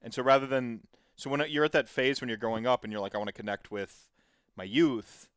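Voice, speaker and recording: Man, podcast host, rambling casual chat, mid-pitched, dry close recording. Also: a little fast, a bit bright, clean tone, dry recording. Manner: rambling, digressive storytelling.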